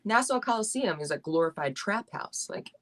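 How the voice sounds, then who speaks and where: A woman's voice: mid-range voice, lively intonation, normal speed, fairly bright tone. A woman guest on a podcast, chatting casually with brash, profane trash talk and frequent laughter. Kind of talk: casual chat.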